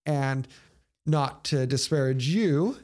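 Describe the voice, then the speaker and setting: A man hosting an interview, asking relaxed, halting questions. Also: medium pitch. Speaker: host.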